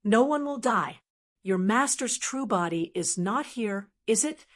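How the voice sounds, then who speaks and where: A woman's voice: fairly high pitch, animated, unhurried. A woman voicing a confident young male warrior with a teasing, bold manner.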